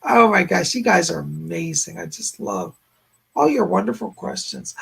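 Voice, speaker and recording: Gravelly, husky-voiced male psychic host. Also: sits high, sing-song, normal speed, fairly bright tone. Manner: relays spirit messages in looping "he said" phrasing, effusive thanks. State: hoarse, voice giving out. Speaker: psychic medium, stream host. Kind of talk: live-stream psychic readings.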